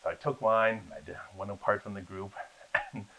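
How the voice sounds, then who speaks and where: A man telling lively stories about his acting career in a casual interview, acting out the people in them. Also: on the low side, fairly quick, slight background noise. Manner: animated storyteller, acts out voices in his anecdotes. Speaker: guest, actor. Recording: dull lo-fi sound.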